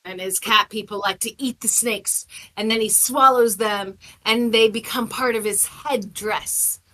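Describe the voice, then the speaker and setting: Slightly high woman player, slow, playful and hesitant. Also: sharp tone, poor audio. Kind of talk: casual tabletop play.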